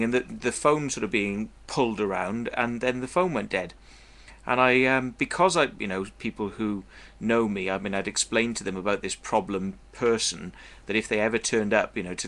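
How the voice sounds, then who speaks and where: Blunt vlogger, low bright voice, profane meandering storyteller. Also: male voice. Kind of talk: casual storytelling monologue.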